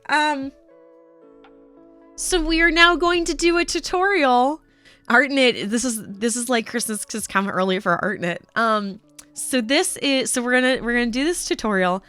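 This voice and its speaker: A woman hosting a live knitting stream, chatting casually with her viewers in an excitable way. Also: high-pitched, measured pace, no room sound, faint music behind. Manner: chatty, excitable, says "um" and "y'all" often.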